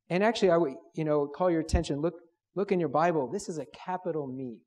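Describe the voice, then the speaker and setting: Male preacher, higher-pitched, emphatic, repetitive student-meeting sermon. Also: fast talker, darkish tone. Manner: emphatic, repetitive, builds phrases; leads group to read aloud together.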